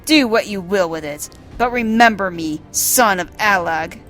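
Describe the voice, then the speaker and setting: A woman's voice: mid-range voice, measured pace, fairly bright tone, faint music behind, close to an everyday voice. A woman reading the lines of a proud, bitter male sorcerer rival from a video game in a defiant, scornful tone.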